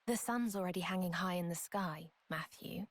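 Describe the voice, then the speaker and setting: A woman's voice: on the low side, normal speed, no room sound. Casting: dry, teasing British young woman, a game companion. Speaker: game character. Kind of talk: video game voice acting.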